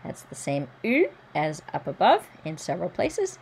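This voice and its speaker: A woman teaching French pronunciation, modelling each word slowly and carefully, then explaining the spelling and sounds. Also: sits low, huge pitch swings, vocal fry, darkish tone, slight background noise. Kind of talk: pronunciation lesson.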